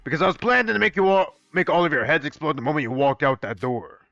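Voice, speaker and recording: A man's voice: on the high side, fast, gravelly, sharp tone, dry recording, soft background music. A man voicing a sly, teasing host of a deadly school game who drawls smugly and acts innocent, on a dull, muffled recording. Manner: smug, drawling, mock-innocent.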